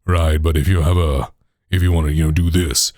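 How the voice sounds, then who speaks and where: A man's voice: rumbling low, fairly even intonation, a little fast, mellow, no room sound. A British man hosting a tech tutorial, explaining in a chatty way full of "like", "you know" and "right", through a processed studio microphone.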